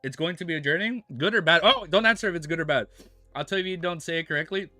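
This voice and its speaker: A man's voice: on the high side, fast talker, bright, forceful tone, no room sound. An American man chatting casually with his live-stream viewers, joking around and laughing often. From United States. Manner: joking, laughs often, mock-French phrases.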